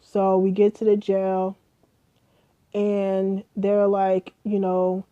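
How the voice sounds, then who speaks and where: A young adult woman casually retelling a story, animated and profane, acting out what everyone said. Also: medium pitch, extremely slow, phone-quality sound. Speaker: vlogger.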